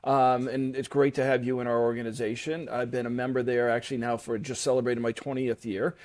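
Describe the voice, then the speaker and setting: A man's voice: medium pitch, flat delivery, brisk. A middle-aged man speaking as an interview guest, friendly and self-deprecating. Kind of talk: casual interview chat.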